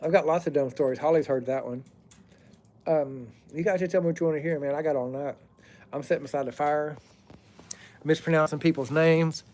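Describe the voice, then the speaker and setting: A man's voice: fairly high pitch, fairly even intonation, fairly quick, long pauses, darkish tone. A middle-aged man telling a rambling story outdoors beside a fire, breaking off to greet viewers by name. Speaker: plumber telling stories on a live stream.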